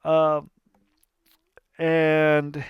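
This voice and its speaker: A man's voice: fairly high pitch, completely flat delivery, very slow, clear, resonant tone, dry recording, dull audio. A man in his thirties hosting a podcast, retelling a cartoon in a casual, rambling way that keeps correcting itself. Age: 30s. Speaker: podcast host.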